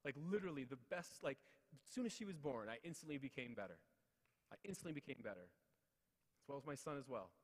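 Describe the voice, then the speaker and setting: Man, 30s, motivational keynote speaker, rapid storytelling delivery with refrains, recorded in a reverberant ceremonial hall. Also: mid-range voice, animated, breathy edge. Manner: storytelling with repeated refrains and acted-out quotes. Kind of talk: motivational speech with personal stories. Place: large ceremonial hall at city hall.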